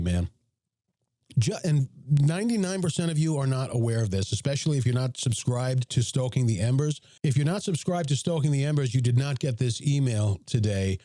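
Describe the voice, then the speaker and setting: Hoarse, raspy man hosting a podcast. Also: mellow, dry recording. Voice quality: deep, raspy. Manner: chatty, blunt, self-promoting. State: hoarse from a cold. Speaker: podcast host. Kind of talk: casual livestream talk.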